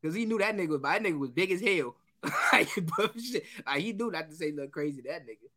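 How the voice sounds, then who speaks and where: A man with a fairly high voice talks fast while co-hosting a casual podcast. He tells an animated story, acting out the quotes and laughing often.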